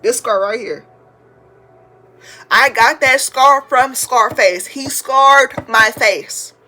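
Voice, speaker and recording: A woman in her twenties from Louisiana hosting a podcast, telling childhood stories in an animated, slangy, profane way and addressing listeners as y'all. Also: on the high side, slow pace. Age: 20s. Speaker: podcast host. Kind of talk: casual storytelling.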